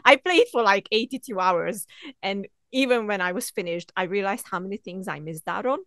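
A woman whose first language is Hungarian, hosting a podcast in easy casual chat, frank and quick to laugh. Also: mid-range voice, crowd noise. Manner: laughs often, lively and frank. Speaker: podcast host.

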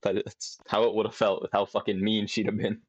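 In a dry recording with no room sound, a young man speaks a little fast in a lowish monotone. He streams a farming game on a desk mic with webcam, chatting casually to himself with lots of swearing and rambling.

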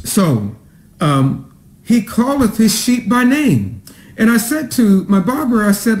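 High-voiced man preaching in an echoey room. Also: big pitch swings, darkish tone. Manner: preaching with slow, drawn-out emphasis; greets online viewers by name. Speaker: pastor. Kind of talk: sermon.

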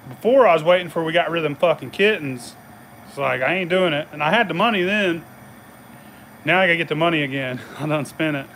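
A rambling middle-aged man with a drawl tells a story full of cussing and short laughs. His voice sits a touch high for a man. A faint hum runs behind him. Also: a little fast, fairly bright tone. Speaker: channel host. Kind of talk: casual storytelling chat.

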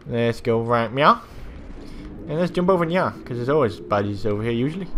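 Young man, casual gameplay commentary, lively pitch, heavy swearing, mock-boastful. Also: brisk, slight background noise. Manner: swears a lot, shouts at other players, mock-boastful. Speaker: gaming channel host.

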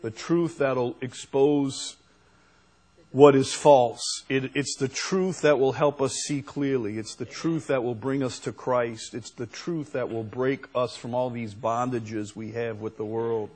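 Slow, husky-voiced male preacher. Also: medium pitch, fairly even intonation, darkish tone. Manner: slow, unhurried preaching that rises to emphatic peaks. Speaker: pastor. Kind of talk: sermon.

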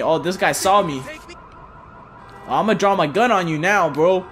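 A young man commenting on his own gameplay in loose slang, excitable and swearing constantly. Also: high-pitched, moderate pace, soft background music. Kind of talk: casual let's-play commentary.

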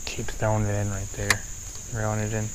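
Outdoors by a pond, a man vlogs his fishing, talking to viewers in an easygoing, chatty way with plenty of ums and uhs. His lowish voice is completely flat and a little fast, and the recording is very noisy.

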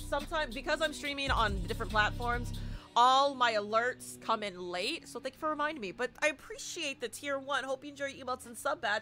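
A woman chatting casually and excitedly on a live gaming stream, talking back to the game and thanking viewers. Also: sits high, brisk, soft background music.

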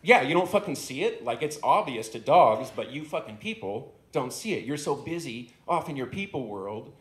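A man's voice: mid-range voice, big pitch swings, normal speed, natural voice. A man doing an angry ranting dog. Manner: aggrieved, profane, lecturing. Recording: echoey club room.

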